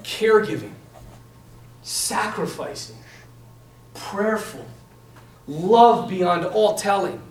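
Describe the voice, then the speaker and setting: A young man teaching a class in a lively, animated way, talking to his students as "man" and "you guys.". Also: high voice, slow pace, pauses often, slight background noise. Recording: echoey room, mic from a distance.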